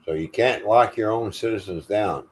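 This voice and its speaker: Low-voiced older man ranting angrily. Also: normal speed. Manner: angry, profane, defiant. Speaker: livestream host. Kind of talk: angry profane rant.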